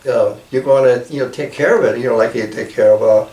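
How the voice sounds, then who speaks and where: A man's voice: medium pitch, fast, dark tone, lightly acted. A man voicing an easygoing old owl hunter in a storytelling recording with a roomy sound from a distance.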